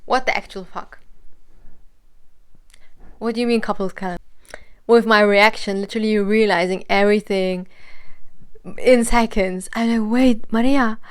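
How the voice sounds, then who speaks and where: A young woman vlogger telling a story in casual chat, animated, exclaiming and swearing. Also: mid-range voice, normal speed, pauses often, clean tone.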